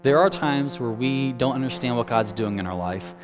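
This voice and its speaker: This is a preacher, a man with a medium-pitched voice speaking at a normal pace, delivering a conversational sermon. He keeps posing questions to his listeners and tosses in plenty of casual asides. The recording is low in quality, with music clearly audible behind him.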